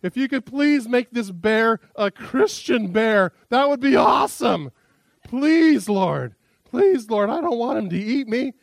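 A man's voice: very high voice, animated, measured pace, vocal fry, dry recording, voice pushed up, heavily acted. A man voicing a panicked, injured preacher frantically begging God for rescue. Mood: frantic. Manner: frantic pleading prayer, rising to shouts.

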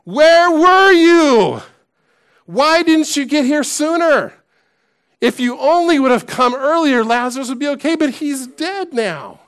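Man voicing an angry woman in mourning, high-pitched, accusing. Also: lively intonation, unhurried, a bit bright, full character voice. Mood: angry scolding. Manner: accusing, shrill. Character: angry grieving woman scolding with raised finger.

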